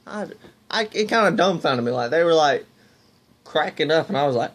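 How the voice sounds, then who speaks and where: A man's voice: a little high, expressive, normal speed, a bit bright. A young man, casually telling rambling stories to his viewers. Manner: rambling, restarts, talks to viewers as "y'all". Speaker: vlogger. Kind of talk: casual storytelling to camera.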